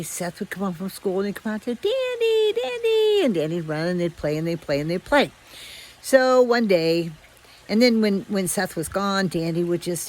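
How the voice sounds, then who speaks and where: A woman's voice: on the low side, darkish tone, low-quality recording. Woman casually telling a children's story. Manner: conversational with fillers and restarts.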